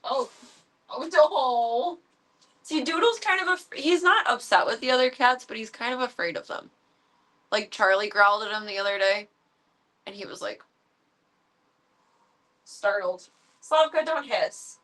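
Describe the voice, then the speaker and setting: Woman streamer at home, bouncy animated voice, talks to her cats in a squeaky baby voice. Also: a little slow, long pauses. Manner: lively, coos at her cats in a high voice. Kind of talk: casual livestream chat. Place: home with pets.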